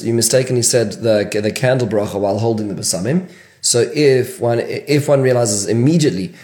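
A man's voice: medium pitch, a little mellow, reverberant. A man teaching a question-and-answer lesson on Jewish law, often restarting his sentences as he goes. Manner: question-and-answer delivery with frequent restarts and fillers. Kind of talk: Q&A-style halachic lesson.

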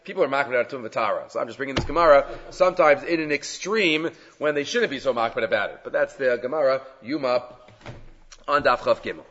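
A man teaching a Talmud class, asking rhetorical questions and retelling stories with animated emphasis. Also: medium pitch, fast talker, slight background noise. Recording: dull lo-fi recording.

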